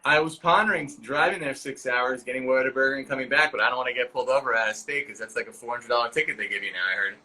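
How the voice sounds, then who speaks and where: A chatty man hosts a relaxed live stream from his home, joking around with his guest. His voice comes through bright and forward. A faint hiss sits under it. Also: medium pitch, racing, hardly any pauses, rough recording. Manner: chatty, jokey, reads out viewer questions. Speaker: host of a live-stream interview. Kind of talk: casual video-call chat. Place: home, during lockdown.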